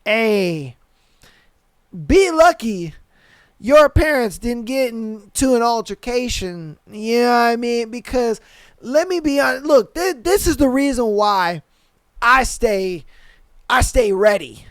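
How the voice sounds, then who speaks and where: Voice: medium pitch, slow, no echo. A podcast host telling a story in casual, slangy, profane speech, repeating phrases for emphasis and acting out what people said. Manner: animated, profane, acts out quoted lines.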